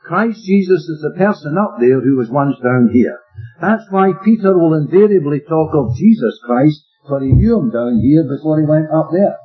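A man gives an expository Bible teaching in an animated, somewhat high voice at normal speed, slightly rough in texture. He's emphatic and plain-spoken, posing rhetorical questions to his listeners. The lo-fi recording sounds dull, with faint music underneath.

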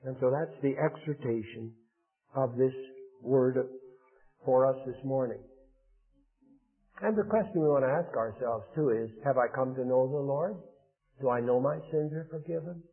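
A man's voice: medium pitch, normal speed, pauses often, faint music behind. Man preaching over a tinny radio broadcast. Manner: earnest, repetitive exhortation with fillers. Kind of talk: sermon.

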